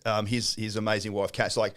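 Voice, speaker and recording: Brief: Australian male co-host, rapid-fire, blunt and sweary, studio chat. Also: lowish voice. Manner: blunt, sweary, animated storyteller. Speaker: property coach and co-host. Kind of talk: casual studio podcast chat.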